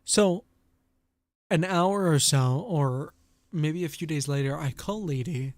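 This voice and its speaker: A man's voice: on the high side, slow pace, no room sound, clean studio sound. Rambling man telling a story. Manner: rambling storytelling with quoted voices. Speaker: streamer host. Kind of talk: casual chat on a live stream.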